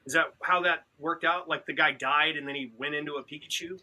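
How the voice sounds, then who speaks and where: A man with a very bright, forceful voice and a fairly high pitch, chatting casually on a podcast. He tells stories with energy and acts out what other people said. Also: a little fast. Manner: animated storyteller who quotes others. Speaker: podcast participant. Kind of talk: casual chat.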